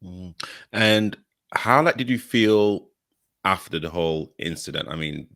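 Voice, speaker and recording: A man's voice: sits low, animated, a little slow, gravelly, fairly bright tone. A man interviewing a guest, giving short encouraging interjections and asking casual questions.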